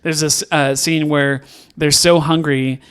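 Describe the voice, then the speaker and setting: Rambling man on a podcast, higher voice. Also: level tone, unhurried, a bit bright, smooth. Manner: rambling, lots of restarts and fillers, laughs easily. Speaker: podcast co-host. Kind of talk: casual podcast review chat.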